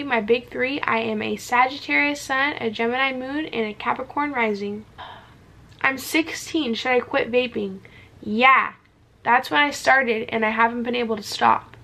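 A woman's voice: high-pitched, vocal fry, bright, forceful tone. A young woman chatting casually while doing her makeup, candid and laughing, swearing freely. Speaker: beauty vlogger.

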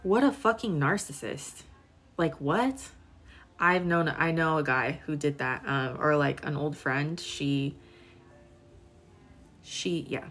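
Speaking slowly in a deep, slightly bright voice and pausing often, this young woman in her twenties reads tarot for live-stream viewers. She is chatty and casual, her talk packed with filler words.

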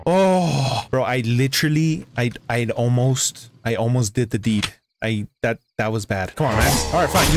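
A man streaming a game, talking casually and reacting with excited exclamations and sudden high yelps. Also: moderate pace, hardly any pauses, background noise. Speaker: gaming streamer. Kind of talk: casual gameplay commentary. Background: background music.

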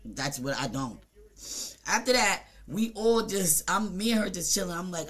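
A streamer from Jamaica with a Jamaican accent, telling a story in a casual, profane, rambling rant full of fillers and quick mimicked asides. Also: mid-range voice, expressive, a bit bright. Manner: mimics other people in short quoted asides.

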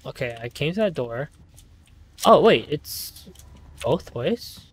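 A man's voice: fairly high pitch, very animated, slow, pauses often, husky. Jumpy, swearing male game streamer. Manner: jumpy, rambling and nervous, swearing often. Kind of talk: live gameplay commentary.

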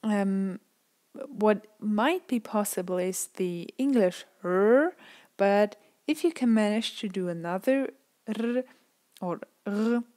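Slow, careful woman teacher. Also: mid-range voice, mellow, no room sound, studio quality. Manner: slow, careful, with repeated examples. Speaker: language teacher. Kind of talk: pronunciation lesson.

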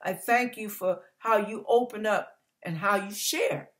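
A woman's voice: mid-range voice, unhurried. An older woman pastor giving an online church sermon, earnest and conversational, building to emphatic repetition.

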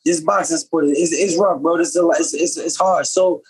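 A man from upstate New York, a professional boxer, telling stories as a podcast guest in a casual, slangy, animated way. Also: a little high, husky, low-quality recording. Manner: fast, slangy, animated storytelling. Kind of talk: casual storytelling.

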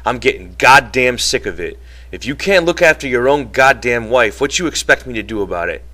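A man reading an audiobook and voicing a calm, authoritative veteran ranch hand who speaks steadily and firmly. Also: mid-range voice, fairly quick. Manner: steady, commanding.

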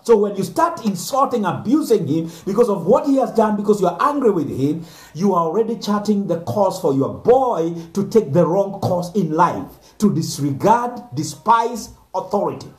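Male pastor, earnest exhorting sermon, slightly high voice, roomy echo. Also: very animated, normal speed, a little mellow. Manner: earnest, exhorting, repeats phrases for emphasis. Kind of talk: sermon message to viewers. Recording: echoey room.

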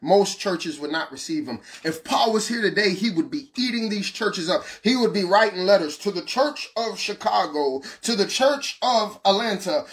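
A man preaching a passionate sermon, asking the listener questions and shouting some lines. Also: sits high, lively intonation, normal speed, few pauses. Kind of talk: fiery street-style sermon.

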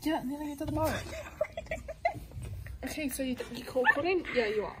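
A woman's voice: high voice, fairly quick, very noisy. A woman casually retelling a story while she draws, giggling and rambling with many restarts. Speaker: vlogger narrating a drawing.

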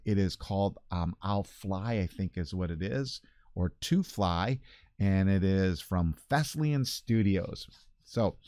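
A man's voice: medium pitch, a little mellow, no room sound, clean studio sound. An older man, a pastor, talking casually from his church office in a rambling, chatty way. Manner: rambling, chatty, self-correcting. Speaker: pastor hosting a weekly video segment. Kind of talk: casual chat.

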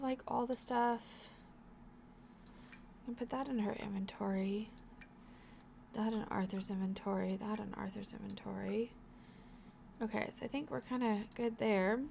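A woman's voice: mid-range voice, creaky, mellow, a little hiss or hum. A young woman hosting a let's play, giving casual gameplay commentary in a chatty, encouraging way as she thinks aloud.

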